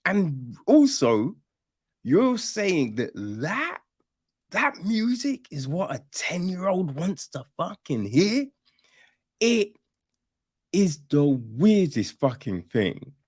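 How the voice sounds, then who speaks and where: A man tears into a film in a loose, sarcastic podcast rant, cursing as he goes. His voice sits fairly high and swoops about expressively, yet he takes his time over every point. The sound is close and dry, with no room around it. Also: big pitch swings, slow pace, a little mellow, breathy edge, no echo. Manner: sarcastic, swears freely, mocks the film; rambling with restarts and "you know what I mean". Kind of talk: casual ranting film review.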